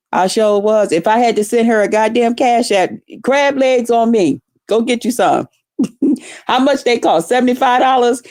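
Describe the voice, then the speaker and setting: Slow-talking, profane woman ranting. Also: fairly high pitch, dry recording, studio quality. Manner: profane, animated, dramatic. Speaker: vlogger. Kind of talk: casual storytelling rant.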